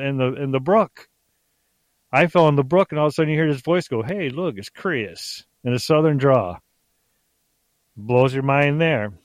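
A middle-aged man telling stories as a podcast guest in a rambling, excitable way, often restarting his sentences. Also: mid-range voice, clear, resonant tone, dry recording. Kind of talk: casual storytelling on a podcast.

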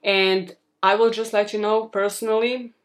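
A woman's voice: medium pitch, level tone, moderate pace. A young woman hosting a true-crime podcast, talking casually in a chatty, rambling way with self-deprecating asides.

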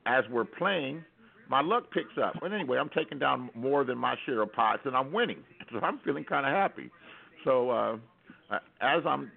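Over a tinny phone line, an American caller to a radio call-in show spins a wry, meandering story full of restarts. He speaks in a creaky, mid-range voice.

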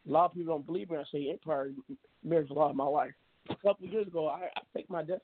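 A man's voice: on the high side, very fast, slightly rough, no room sound. A man hosting an internet radio talk show, speaking in a blunt, meandering monologue full of restarts and fillers. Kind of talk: rambling monologue. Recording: narrow phone-like sound.

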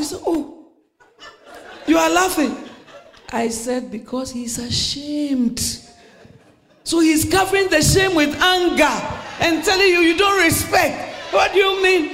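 A middle-aged woman delivers a sermon with lively, sweeping pitch. She acts out the people in her stories, laughs along, then sinks to a hushed whisper for emphasis. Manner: animated storytelling, acting out quoted voices, laughing, dropping to whispers. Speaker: preacher.

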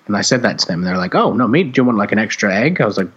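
A husky man spins a long, swear-filled anecdote on a podcast, his pitch leaping up and down as he acts out the people in it. The recording sounds dull and lo-fi. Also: sing-song, very fast, fairly bright tone. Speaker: podcast co-host. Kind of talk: casual storytelling chat.

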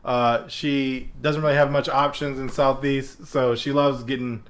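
A man's voice: mid-range voice, level tone, measured pace. A young man telling a funny story in a casual podcast chat, acting out quotes and laughing often. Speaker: podcast co-host.

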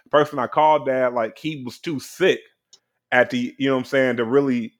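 A man's voice: mid-range voice, fairly even intonation, a little fast. A young man chatting casually and candidly on a podcast, full of fillers and blunt swearing. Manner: loose and candid, heavy on fillers and profanity. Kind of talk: casual chat.

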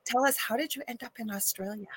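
A woman hosts a casual interview, her voice bright and a little sharp. She talks in a rambling, chatty way, full of little fillers. The sound is close and dry, with no room around it. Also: a little high, quick pace, breathy edge, dry recording. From Thunder Bay, Canada. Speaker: host.

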